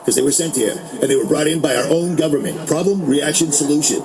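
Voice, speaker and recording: Fired-up man ranting fast. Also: on the high side, over a noisy crowd, poor audio. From Boston. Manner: heated, indignant, emphatic. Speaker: podcast host. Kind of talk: angry political rant.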